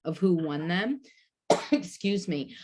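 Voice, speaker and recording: A woman's voice: on the low side, lively intonation, takes it slowly, noisy background. A woman hosting a video call panel, enthusiastic and full of praise for her guests. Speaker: host.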